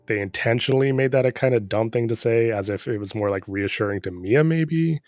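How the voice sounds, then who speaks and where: A man's voice: mid-range voice, a little fast, darkish tone, dry recording. A man casually recapping a game's story in a rambling, profane, sarcastic way. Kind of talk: casual chat.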